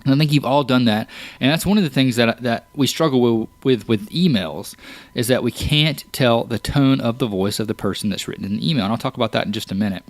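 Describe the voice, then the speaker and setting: A man's voice: mid-range voice, a little fast, no echo. Plain-spoken man explaining things casually. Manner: conversational, explains with examples, frequent restarts. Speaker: podcast host. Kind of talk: casual solo podcast talk.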